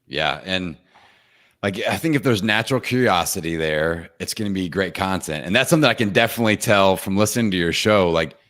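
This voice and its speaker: A man hosting a podcast interview, talking in a relaxed, affirming and conversational way. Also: sits low, fairly quick. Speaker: podcast host. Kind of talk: casual interview chat.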